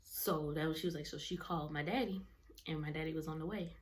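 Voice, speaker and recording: A woman's voice: low voice, steady tone, fast. A young adult woman vlogger telling a personal story in casual, rambling talk, often correcting herself mid-sentence. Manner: rambling, self-correcting, colloquial.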